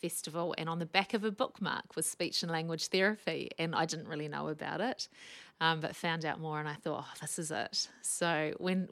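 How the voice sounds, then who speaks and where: A woman, a speech pathologist guest, telling lively anecdotes and laughing often. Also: fairly low pitch. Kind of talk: casual storytelling chat.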